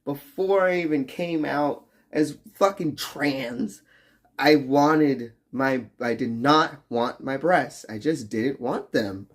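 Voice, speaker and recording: Slow and mid-range, this young adult man's voice carries casual livestream chat. He reads viewer messages and banters with them in a profane, teasing, joking way, laughing often.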